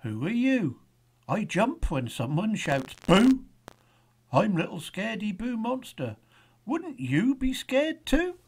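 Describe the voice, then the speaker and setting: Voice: sing-song, unhurried, hardly any pauses, breathy edge, exaggerated voice. A storybook reader voicing a timid little male monster who stammers when afraid. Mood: frightened. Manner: stammering, fearful and squeaky.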